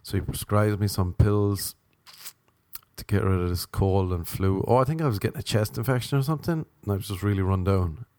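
An Irish man with a cold, hosting a podcast and telling a rambling comic story with sarcastic, deadpan asides. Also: on the low side, a little fast, no echo. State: sniffly with a cold.

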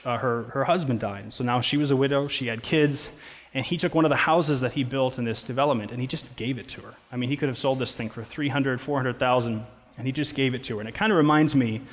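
A man, a pastor, preaching a sermon in a casual, conversational way with playful asides. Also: mid-range voice. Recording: long reverb of a large hall.

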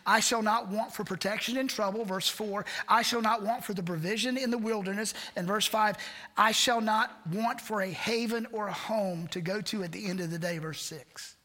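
Man preaching, high voice, bright tone, earnest rhetorical questions, church hall reverb. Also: normal speed. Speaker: pastor. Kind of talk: sermon. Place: church sanctuary.

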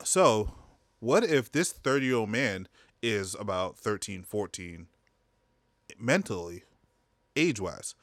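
Bright-voiced joking man. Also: fairly low pitch, very animated, slow, long pauses, no echo, studio quality. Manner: joking, laughs often, crude humor. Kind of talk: casual chat.

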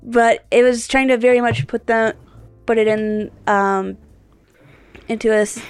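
A woman co-host talks in an easy podcast chat, slowly and in a smooth, clear voice that sits a little high. She pauses and rephrases as she works through her thoughts, and the sound is close and dry with faint music underneath. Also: fairly even intonation, no room sound. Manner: thoughtful, halting, rephrases often. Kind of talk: casual chat.

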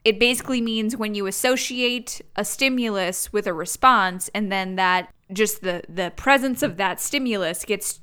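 A woman's voice: medium pitch, moderate pace, hardly any pauses, pushed and bright, clean tone. A woman co-hosting a podcast in casual chat, laughing often and explaining with many restarts. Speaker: podcast co-host.

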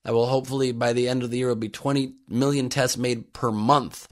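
Male podcast host, mid-pitch, dry jokey delivery, comedic news rundown. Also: level tone, a little fast. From United States. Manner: sarcastic, jokey riffing on the news.

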